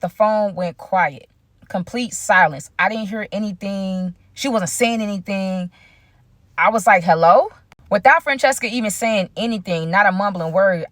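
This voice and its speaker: A woman's voice: medium pitch, dry recording. Young woman vlogger, chatty storyteller, speaks to her audience, dry mic. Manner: chatty, keeps addressing viewers directly. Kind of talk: storytime vlog.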